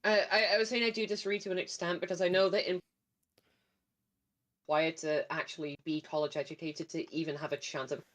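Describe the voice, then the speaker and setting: A woman's voice: lowish voice, steady tone, brisk, a bit bright. A woman chatting casually, blunt and sardonic, swearing freely. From Britain. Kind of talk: casual profane chat.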